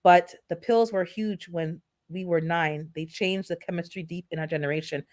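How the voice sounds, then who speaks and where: A woman's voice: fairly low pitch, steady tone, normal speed, a little mellow. A woman hosting her own channel, chatting casually on a live stream in a blunt, sarcastically funny, rambling way. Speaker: gardening channel host.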